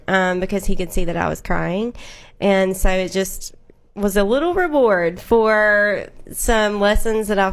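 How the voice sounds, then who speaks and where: A woman's voice: medium pitch, smooth. A woman, a mother and contributor, telling an earnest personal story in a casual panel chat.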